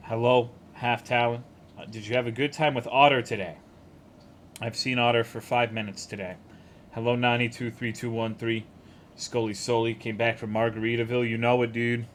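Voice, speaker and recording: A man of ordinary pitch hosting a live stream, rattling off viewer names and riffing loosely with his chat. He is a little tipsy and tired, swearing and teasing freely. A faint hum of ambient noise sits behind his voice. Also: flat delivery, moderate pace.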